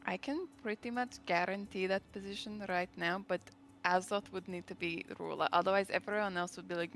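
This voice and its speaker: A woman's voice: mid-range voice, steady tone, fairly quick, a bit bright. A woman at a tabletop game chatters on as a player, rambling and leaning on "like" in a mid-range voice. A faint hiss of noise sits under the recording. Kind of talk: casual chat at a tabletop game.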